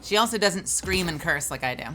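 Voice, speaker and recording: A young woman voice actor chatting casually on a live gaming stream, animated and quick to laugh. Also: noisy background. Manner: animated, laughs often, bursts into loud high outbursts.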